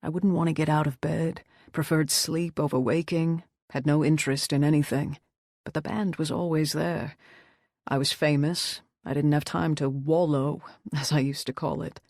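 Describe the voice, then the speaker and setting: A woman voicing a troubled male rockstar who speaks softly in a subdued, confessional tone, in an audiobook. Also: fairly even intonation, unhurried, creaky, dry recording, studio quality, full character voice. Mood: reflective. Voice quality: soft, low and subdued. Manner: quiet, confessional. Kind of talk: audiobook character voice.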